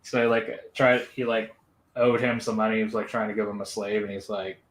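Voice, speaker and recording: A man's voice: fairly low pitch, flat delivery, brisk, low-quality recording. Hesitant man in a casual chat. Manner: hesitant, lots of fillers, sardonic. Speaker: stream panelist.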